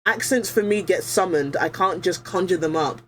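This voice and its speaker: A woman's voice: fairly low pitch, moderate pace, a little hiss or hum. A young woman streaming a game, chatting bluntly and casually while playing, often laughing. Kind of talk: casual gameplay commentary.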